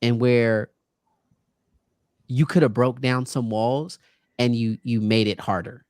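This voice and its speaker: A man's voice: mid-range voice, fairly even intonation, takes it slowly, darkish tone, dry recording, studio quality. A man who works as a guest speaker, telling stories casually and animatedly, often acting out other people in a raised voice. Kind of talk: casual storytelling. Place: podcast studio.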